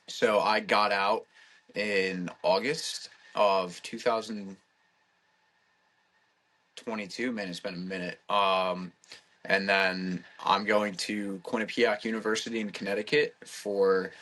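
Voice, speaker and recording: A man's voice: lowish voice, a bit bright. A young man in his twenties, a podcast guest, chatting casually and rambling with lots of filler words. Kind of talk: casual chat.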